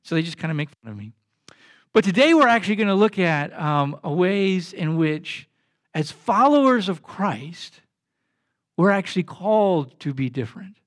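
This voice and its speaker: A man's voice: high-pitched, lively intonation, normal speed. Chatty man preaching a sermon. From grew up as a missionary kid abroad. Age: adult with kids. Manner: casual, self-deprecating storytelling with many fillers. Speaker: pastor.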